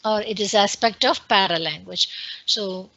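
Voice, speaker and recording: Bright-voiced woman lecturing with Indian accent. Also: mid-range voice, unhurried, poor audio. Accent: Indian English. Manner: explanatory, many fillers and restarts. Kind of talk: online webinar lecture. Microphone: computer mic on a video call.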